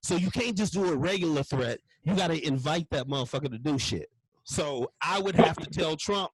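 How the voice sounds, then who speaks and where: A man's voice: on the high side, expressive, brisk, husky, dry recording, low-quality recording. A man doing a stand-up comedy set, ranting in a loose, profane way with constant curse words.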